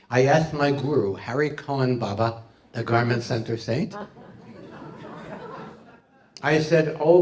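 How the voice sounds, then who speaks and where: A man doing stand-up comedy for a live audience, punning and playful, taking questions. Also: medium pitch. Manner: punning, playful, loud jokey delivery. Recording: roomy hall, mic at a distance.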